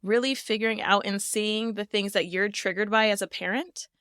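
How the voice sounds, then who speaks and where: A woman's voice: medium pitch, steady tone, moderate pace, smooth, dry recording, studio quality. A woman in her thirties hosting a podcast, chatty and laughing often as she talks. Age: 30s. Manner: chatty, warm-hearted, laughs often, many "like" fillers. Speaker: podcast host. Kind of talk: casual conversation.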